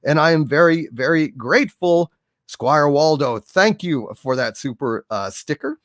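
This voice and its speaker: A man hosting a comedy live stream, reading out viewer messages in an animated, halting way with many fillers. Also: a little high, dry recording, clean studio sound. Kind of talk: casual live stream chat.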